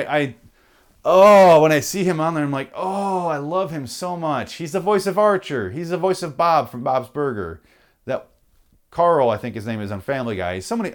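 A man hosting a podcast, ranting in a profane, rambling, jokey way through the show's sign-off. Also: mid-range voice. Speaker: podcast host. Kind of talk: rambling comedic podcast outro.

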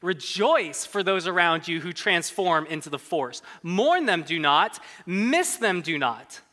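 Tiny ancient alien sage talking all backwards, calm and low, bright ringing tone, as a preacher puts him on, big hall echo. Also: a little slow. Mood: solemn. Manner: inverted word order. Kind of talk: quoted impression in a sermon.

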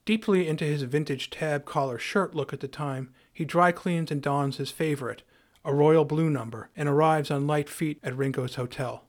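A man's voice: on the high side, moderate pace. A man hosting a podcast, narrating a scripted story in a wry, dryly humorous way. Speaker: podcast host.

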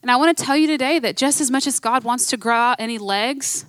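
A woman's voice: on the high side, a little fast, a bit bright, no echo. A woman preaching a sermon in a conversational, emphatic way, repeating her key phrases.

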